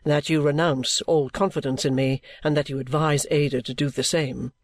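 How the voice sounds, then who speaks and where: A man's voice: on the high side, fairly even intonation, moderate pace, voice pushed down, natural voice. A man reading a stubborn proud young man. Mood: defensive. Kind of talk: audiobook reading of a classic novel.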